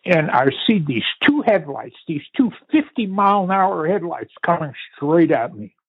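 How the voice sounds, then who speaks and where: An older man from Canada recounting a family story in conversation, unhurried and vivid, with pauses and restarts. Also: fairly high pitch, big pitch swings, breathy edge, no room sound. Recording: tinny phone-like line, dry.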